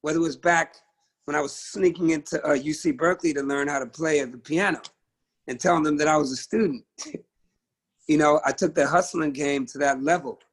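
A man's voice: a little high, brisk, slightly rough. A middle-aged man, a musician guest on a video call, talking with passion and emphasis and swearing freely. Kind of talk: candid conversational interview.

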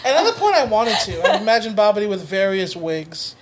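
A woman's voice: mid-range voice, very animated, fast talker, background noise. A woman co-hosting a comedy podcast, riffing with short interjections in casual chat. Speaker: podcast co-host.

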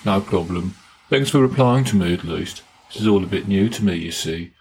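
A man's voice: sits low, moderate pace, darkish tone, slight background noise. An actor playing a polite, hesitant homeless man asking for change in a comedy sketch. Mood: meek.

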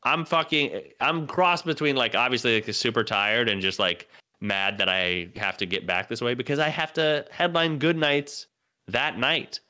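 Young male comedian from North Carolina, podcast co-host, profane rambling storyteller, clean bright voice. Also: medium pitch, normal speed, clean tone. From North Carolina, USA. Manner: rambling, profane, lots of filler words. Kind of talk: casual storytelling.

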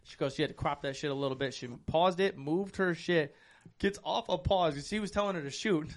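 A man in casual podcast chat, profane and animated, acting out voices while he tells gaming stories. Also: fairly high pitch, a little fast. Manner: profane, animated storyteller who acts out voices. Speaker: podcast co-host.

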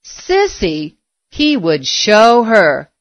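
A woman narrating a story aloud in a measured, expressive way. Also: mid-range voice, dry recording. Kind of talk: audiobook narration.

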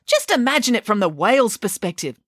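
A woman's voice: fairly high pitch, very animated, fairly quick, fairly bright tone, no echo, clean studio sound, voice pushed up. A woman voicing a bossy, self-assured pig nanny in a read-aloud storybook, speaking emphatically like a know-it-all. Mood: emphatic.

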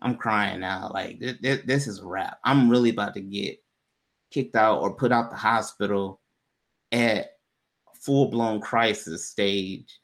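A man's voice: lowish voice, unhurried, vocal fry. Guy chatting on a podcast, easygoing and slangy, acts out what folks said. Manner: laid-back, slangy, animated when quoting people. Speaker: podcast co-host telling a story. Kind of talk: casual storytelling chat.

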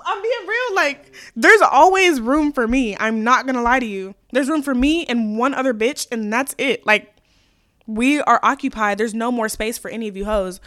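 Young woman podcast host, kinda high voice, sassy and blunt, cussing a lot, goes loud then quiet. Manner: blunt, profane, sassy ranting; animated, swings loud and quiet. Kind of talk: casual chat.

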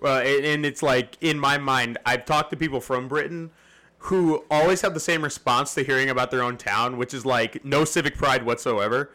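A man's voice: medium pitch, steady tone, normal speed, sharp tone. A man hosting a casual history podcast, rambling and laughing often as he explains. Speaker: podcast host.

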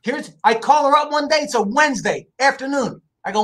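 A middle-aged man from the Philadelphia area, a guest in an interview, telling family stories in a lively, casual way and often checking in with "right?". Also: very high voice, a little fast. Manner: animated storyteller, asks "right?" often. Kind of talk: casual storytelling.

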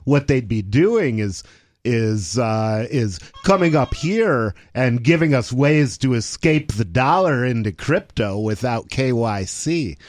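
A man's voice: mid-range voice, animated, slow, a little mellow, soft background music. A man co-hosting a casual talk show, making sarcastic, wry asides. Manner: sarcastic, wry asides, laughs at own jokes. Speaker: podcast co-host. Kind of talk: casual chat.

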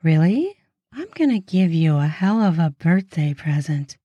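A woman's voice: low-pitched, very animated, measured pace, mellow, breathy edge, no room sound, dull audio, heavily acted. Woman voicing a bold teasing older woman. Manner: sultry, teasing, hissing. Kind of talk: erotic audiobook reading.

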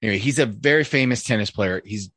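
A man's voice: lowish voice, fast talker, a bit bright, husky, no echo. A man hosting a casual podcast chat, talking in a profane, rambling way. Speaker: podcast host.

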